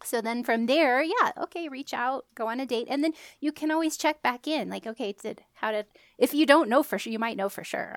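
A woman co-hosting a podcast, explaining ideas thoughtfully step by step, often trailing off softly. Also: fairly high pitch, a little fast, hardly any pauses, no room sound, studio quality. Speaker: podcast co-host. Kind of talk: casual spiritual chat.

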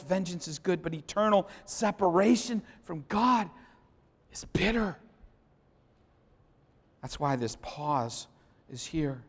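A man preaching a sermon, moving from quiet storytelling to loud, impassioned declarations. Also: mid-range voice, in a large hall. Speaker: pastor.

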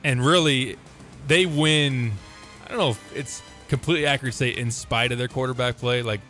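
A man co-hosting a sports radio show, talking in a steady, informed, easygoing way. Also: medium pitch, a little fast, faint music behind. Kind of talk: casual sports talk.

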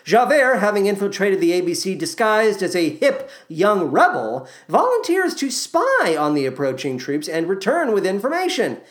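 A woman's voice: medium pitch, very animated, normal speed, hardly any pauses. Sarcastic woman recapping a musical. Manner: sarcastic, irreverent, slips into silly voices. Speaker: podcast host. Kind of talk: comedic plot recap.

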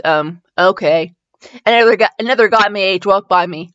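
A woman's voice: lowish voice, moderate pace, no room sound. A woman hosting a comedic reading of fanfiction, switching between dramatic narration and incredulous commentary. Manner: animated, breaks into laughter and mock outrage. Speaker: host reading fanfiction aloud. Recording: dull lo-fi dry recording.

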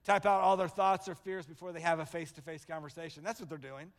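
A male pastor with a slightly high, fast voice preaches a sermon in a church sanctuary, animatedly telling stories and acting out the voices of the people in them. The recording has long hall reverb.

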